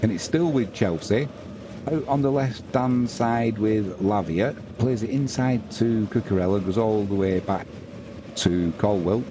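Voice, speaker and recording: A man's voice: on the low side, a little slow, background noise. A man hosting a live football watch-along, commentating and chatting casually with viewers. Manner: chatty, talks to viewers and reads out chat messages.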